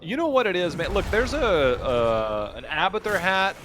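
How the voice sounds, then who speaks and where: A man with a high voice calls the game as color commentator, drawling folksy slang in a loose, joking way. A steady hiss of noise sits under the streamed audio. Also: moderate pace. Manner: folksy, drawling slang, laid-back banter. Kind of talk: casual esports commentary.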